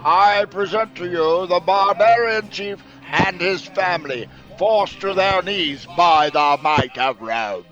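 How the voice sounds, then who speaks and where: A man's voice: high-pitched, takes it slowly, few pauses, a bit bright, lo-fi sound, soft background music. A man voicing an arrogant Roman military commander who proclaims his conquests. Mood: pompous. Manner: pompous, proclaiming.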